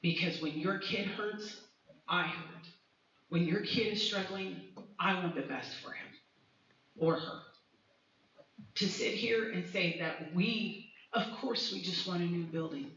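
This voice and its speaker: Pausing often and speaking a little slowly, a music teacher with a lowish, fairly bright voice pours personal feeling into a rambling speech at a school community meeting, restarting as she goes. The recording comes from far back in an echoey hall and sounds dull.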